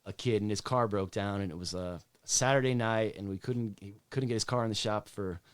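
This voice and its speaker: A man's voice: on the low side, fairly quick, clear, resonant tone, dry recording. A man who writes and sings his own songs, a podcast guest telling a story in a laid-back, casual way and swearing freely. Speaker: guest singer-songwriter.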